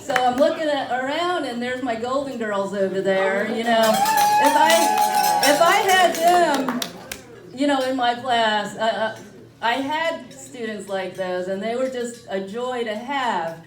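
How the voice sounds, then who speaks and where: A woman's voice: a little high, a little slow, loud music behind the voice. A woman doing a rambling, self-mocking stand-up comedy set at a brewery comedy night. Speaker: stand-up comic. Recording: echoey room, from far off.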